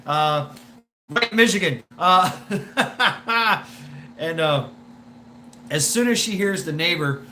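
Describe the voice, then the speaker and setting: A man's voice: a little high, lively intonation, slow, pauses often, sharp tone, slight background noise. A man hosting a live stream, telling a story in a rambling way with swearing, laughs and many restarts.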